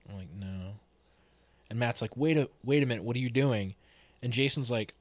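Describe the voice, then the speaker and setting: A man's voice: mid-range voice, dry recording. A man casually telling a funny story about a tabletop game he ran, quoting his players with lots of energy. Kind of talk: casual anecdote retelling a tabletop game session.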